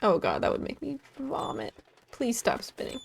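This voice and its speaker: A woman's voice: on the high side, wildly swooping pitch, moderate pace, gravelly, slightly rough. A woman streaming a game, thinking aloud in a chatty way and swearing freely as she plays. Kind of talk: live gameplay commentary. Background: game music.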